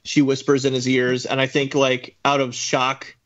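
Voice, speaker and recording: A man co-hosting a podcast, chiming in with animated asides in casual chat. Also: medium pitch, normal speed. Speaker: podcast co-host. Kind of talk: casual comic book discussion. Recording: dull lo-fi podcast audio.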